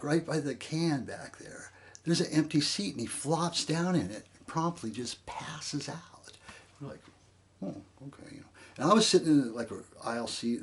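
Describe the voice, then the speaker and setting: An older man from Canada tells a long story from memory, drifting from point to point and throwing in "you know" all the time. He acts out what people said in quick bits of dialogue, and his voice sits at an ordinary middle pitch. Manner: rambling, full of "you know" and voiced quotes. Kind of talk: casual spoken memoir.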